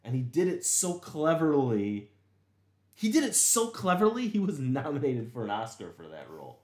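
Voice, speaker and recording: A man hosting a casual chat, telling stories in a rambling, animated way. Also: mid-range voice, moderate pace. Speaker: podcast host. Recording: echoey room.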